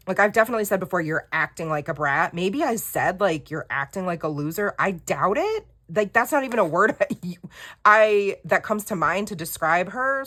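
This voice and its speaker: A woman's voice: low-pitched, a bit bright. A woman, telling a personal story in casual chat while journaling, candid and rambling, acting out quoted dialogue. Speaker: journaling creator.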